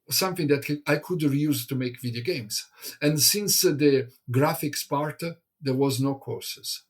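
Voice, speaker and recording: A man from Italy, an English speaker, chats as a guest in a hesitant, halting way, full of fillers and restarts. His voice is husky and a little breathy. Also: fairly high pitch. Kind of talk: casual conversation.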